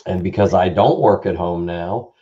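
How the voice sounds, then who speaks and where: Dry, offhand male co-host, low voice; a dull, muffled lo-fi feed. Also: normal speed, mellow. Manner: dry, offhand, coughs now and then. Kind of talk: casual live-stream chat.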